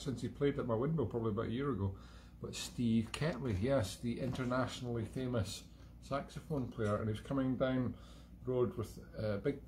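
A Scottish man hosts a live-streamed music show from his home, chatting in a rambling, digressive monologue full of self-mocking humour. His voice is medium-pitched and darkish, with slight background noise.

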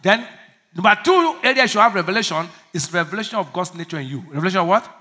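Bright-voiced man preaching. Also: high-pitched, lively intonation, quick pace. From Nigeria. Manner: laughing, call-and-response preaching; acts out prayers in small voices. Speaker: pastor. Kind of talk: sermon.

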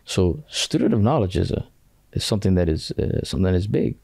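A low, gravelly man talks bluntly in a relaxed, casual way, mixing street slang with recited Arabic phrases. His voice sits dark and mellow, and the recording is close and dry. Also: brisk, dry recording. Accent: British. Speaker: guest scholar. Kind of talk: casual podcast discussion.

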